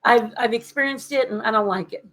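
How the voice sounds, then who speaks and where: A woman in casual conversation who retells her experiences with animated emphasis, her voice jumping up when she makes a point. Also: on the high side, a little fast, poor audio. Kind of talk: casual chat.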